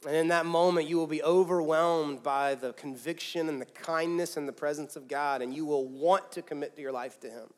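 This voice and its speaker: A man preaches to his congregation in a fairly high voice. He pushes key lines up loud and then drops to near-quiet appeals. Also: fairly even intonation, moderate pace, few pauses. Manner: emphatic preaching with big swings from loud to soft. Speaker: pastor. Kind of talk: sermon. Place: church auditorium with a congregation.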